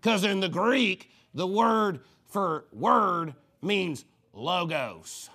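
A man mockingly imitating a rival male preacher with a put-on fake accent, drawn-out and affected. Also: sits high, expressive, gravelly, bright, forceful tone, heavily acted.

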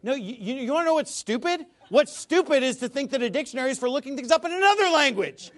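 Man, high and very lively voice, scornful Bible commentator who stammers and shouts. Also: quick pace. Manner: emphatic, scornful, repeats words, bursts into shouting. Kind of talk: animated video monologue.

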